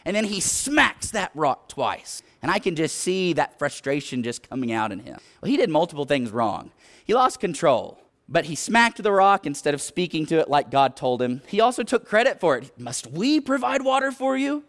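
A man's voice: a little high, big pitch swings, normal speed, fairly bright tone. Earnest man preaching a sermon. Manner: earnest, exhorting, retells scripture stories.

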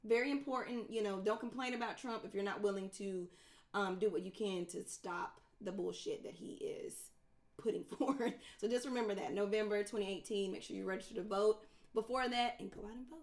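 A woman's voice: medium pitch, a little fast. Sassy playful woman podcast co-host. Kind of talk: casual podcast chat.

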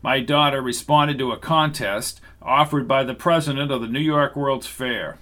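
A man voices a broad-shouldered farmer defending his daughter in an audiobook. His voice is clear, well enunciated and slightly high. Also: moderate pace, sharp tone. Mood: angry. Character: broad-shouldered farmer father, protective and angry.

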